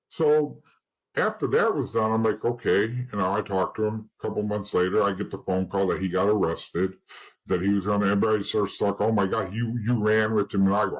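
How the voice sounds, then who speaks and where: A man's voice: fairly low pitch, normal speed, low-quality recording. A middle-aged man, a guest in an interview, telling his story in a blunt, profane way and acting out old conversations. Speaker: interview guest, former informant.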